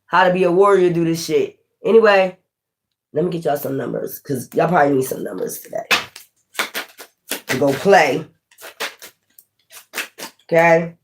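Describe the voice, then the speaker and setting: A woman from North Philadelphia with a Philly accent, chatting bluntly and roughly on a tarot livestream, swearing freely. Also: deep voice, normal speed, long pauses. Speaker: tarot reader. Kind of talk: casual livestream chat.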